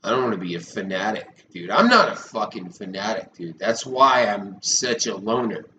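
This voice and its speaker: A man's voice: lowish voice, lively intonation, moderate pace. Profane rambling man on a live stream. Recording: echoey room with loud background noise.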